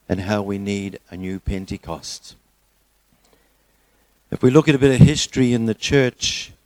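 A middle-aged man preaching a sermon, telling a joke story in a relaxed way before turning earnest. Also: fairly low pitch, no echo, low-quality recording.

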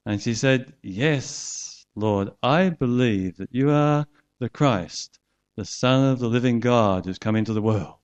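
A man's voice: mid-range voice, slow. A man preaching a sermon, earnestly retelling a scripture story and acting out its voices.

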